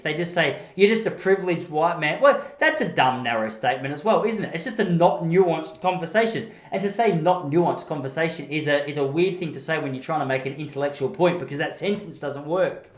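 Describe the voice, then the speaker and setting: An Australian man talks through his opinions in a blunt, rambling solo podcast monologue. He swears casually. His voice rings in a noticeably echoey room. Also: fairly high pitch. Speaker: podcast host.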